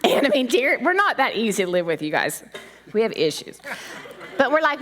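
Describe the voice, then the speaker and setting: A middle-aged woman preaching a sermon in a conversational, animated way with laughing asides. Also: on the high side, a little fast. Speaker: pastor's wife preaching.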